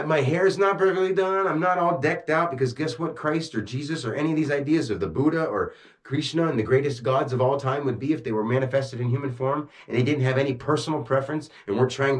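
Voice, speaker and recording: A man talking intensely to a camera, amped up and agitated, swearing and swinging between rushed bursts and slow, heavy emphasis. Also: on the high side. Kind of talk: rambling talk to camera.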